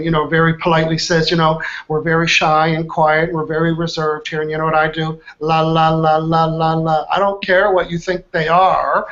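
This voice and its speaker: A man leading a live online training, energetic, quizzing his group with questions. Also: on the high side. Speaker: trainer, workshop host. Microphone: online video call. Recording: dull lo-fi call audio.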